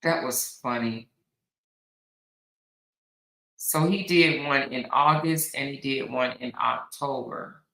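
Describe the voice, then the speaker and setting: A woman's voice: extremely low pitch, takes it slowly, long pauses, a bit bright, echoey room, poor audio. A woman hosting a casual live stream, chatting with viewers in an exclamatory way. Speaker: commentary host reviewing court recordings.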